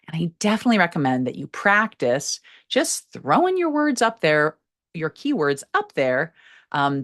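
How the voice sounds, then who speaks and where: Low, animated woman speaking coach. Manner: expressive, stresses key words with pitch swings. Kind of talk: instructional talk to camera.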